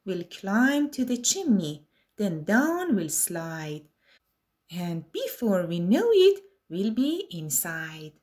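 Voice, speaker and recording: A woman's voice: medium pitch, sing-song, takes it slowly, a little mellow. A woman voicing two sly male burglars plotting a theft in a children's story. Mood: scheming.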